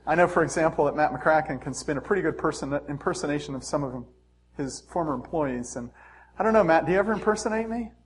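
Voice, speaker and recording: A man's voice: a little high, fast, a little hiss or hum. A man preaching a sermon as pastor, talking in a joking, conversational way.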